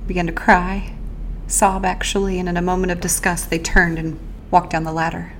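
A woman host recounting her own experience in the first person, earnest and halting, with pauses and restarts. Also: lowish voice, little pitch movement, slight background noise. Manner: speaks of faith and prayer.

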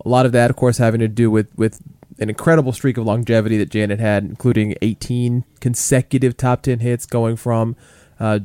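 A man hosts a chart countdown in a relaxed, chatty way, with plenty of "you know" and "like" fillers. His voice is mellow and smooth. The mic is close and dry, with no room sound. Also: mid-range voice, no echo. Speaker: podcast co-host counting down chart hits. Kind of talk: casual chart countdown chat.

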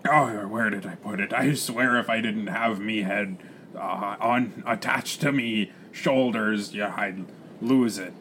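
A man's voice: on the low side, slow, pushed and bright, a little hiss or hum. A man voicing a forgetful, blustering pirate captain in an improvised comic role-play, growling his lines. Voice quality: gravelly, growling "yarr".

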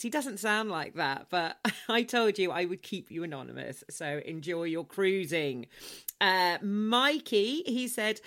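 A woman's voice: medium pitch, animated, normal speed, fairly bright tone. A woman in her forties hosting a podcast, chatting in a cheeky, playful, bubbly way. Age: 40s. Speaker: podcast host. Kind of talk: casual podcast chat.

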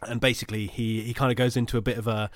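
A man playing a tabletop game, describing his character's actions hesitantly with many pauses. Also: medium pitch, level tone, dry recording, studio quality. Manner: hesitant, many ums and restarts. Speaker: player. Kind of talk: casual tabletop play.

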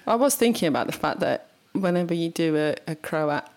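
A woman's voice: fairly low pitch, lively intonation, brisk, a little mellow. A woman in casual podcast chat, talkative and laughing often as she tells stories. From England. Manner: chatty, laughs often, quotes others in little voices.

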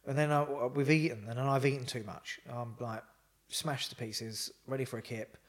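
A man tells a story with plenty of animation in a relaxed interview. His voice sits at a middling pitch, and he swears and laughs easily. He sounds like a talkative guest who is at ease with his host. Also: normal speed. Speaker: psychotherapist guest.

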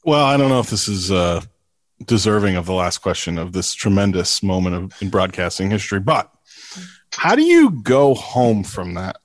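A man co-hosts a podcast, winding through a long question with self-deprecating asides. His voice sits low for a man. The sound is dry and close to the mic. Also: very animated, normal speed, no echo. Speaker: podcast co-host. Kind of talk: casual interview chat.

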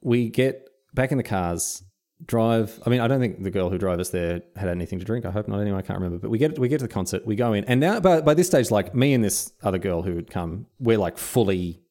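A man's voice: lowish voice, lively intonation, fast, mellow. An Australian man co-hosting a podcast, telling a rambling story in casual chat and acting out the dialogue. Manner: rambling, self-interrupting, acts out quoted dialogue. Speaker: podcast co-host.

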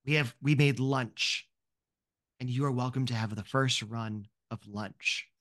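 A woman's voice: extremely low pitch, dry recording, clean studio sound. A man voicing a flustered, grateful mother of four in a tabletop game. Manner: flustered, talks fast and apologetic.

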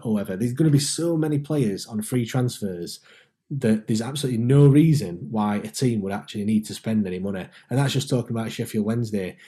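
A man's voice: mid-range voice, dark tone. A man co-hosting a casual football podcast. He agrees readily and stammers through restarts. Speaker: podcast co-host.

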